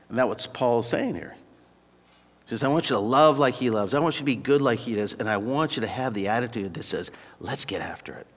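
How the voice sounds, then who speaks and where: A man's voice: mid-range voice, brisk. Guy preaching a sermon, storytelling style, big echoey church hall. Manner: storytelling, then quiet earnest prayer. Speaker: pastor. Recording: long hall reverb.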